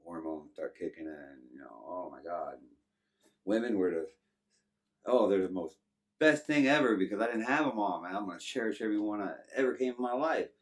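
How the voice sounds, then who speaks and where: A Texan man in his thirties recounts his past in an easygoing, meandering way, leaning on "you know" as he goes. His voice sits very low. The mic is a little distant from him. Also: expressive, normal speed. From Texas. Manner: loose and rambling, many "you know" fillers. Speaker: guest. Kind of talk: casual life-story telling.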